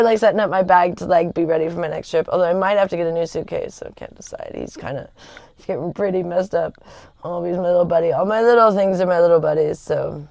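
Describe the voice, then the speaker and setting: A woman's voice: fairly low pitch, darkish tone, no room sound. A woman chatting casually on a livestream, rambling with lots of fillers and laughter. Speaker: livestream host. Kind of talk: casual chat.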